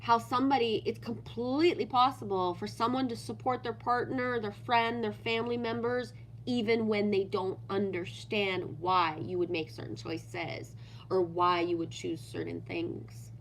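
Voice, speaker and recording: A woman's voice: medium pitch, steady tone, unhurried, a little hiss or hum. A woman hosting a casual livestream, reading viewer comments aloud and ranting animatedly with constant swearing. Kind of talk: casual unscripted livestream chat.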